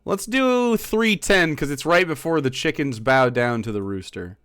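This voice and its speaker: A man's voice: a little high, animated, moderate pace, fairly bright tone, smooth, no echo, clean studio sound. A male streamer in casual live-stream chat, sarcastic and mocking as he argues with viewers.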